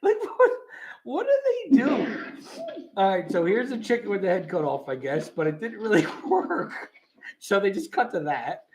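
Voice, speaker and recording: A man hosting a casual live stream reads a script aloud, stage directions and all. His voice rises and falls in a lively, animated way, and he keeps breaking into chuckles as he goes. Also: high voice, normal speed, slight background noise.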